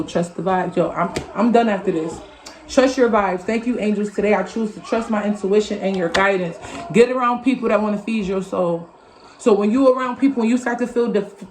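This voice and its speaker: A sassy woman with a high voice gives a casual spiritual reading to her viewers. She leans hard on repeated phrases and chant-like lines, swears freely and laughs at her own slips. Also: moderate pace, darkish tone. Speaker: tarot reader.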